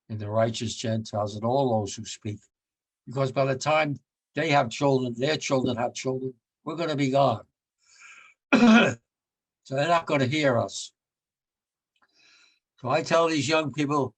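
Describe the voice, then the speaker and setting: A war veteran from the United States, in his nineties, gives a blunt remembrance talk, repeating his points with rising force. His mid-range voice has a breathy edge.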